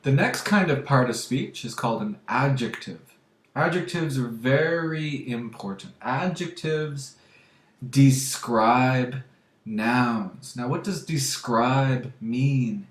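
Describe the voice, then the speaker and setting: A man teaching a grammar lesson to English learners, speaking slowly and deliberately and often checking understanding with "okay?". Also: mid-range voice. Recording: echoey room.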